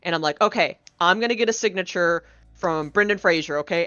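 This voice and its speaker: A woman chatting casually as a guest, an animated storyteller who acts out the people she quotes. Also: on the low side, quick pace, dry recording, dull audio, faint music behind. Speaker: guest, game co-developer. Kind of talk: casual podcast chat.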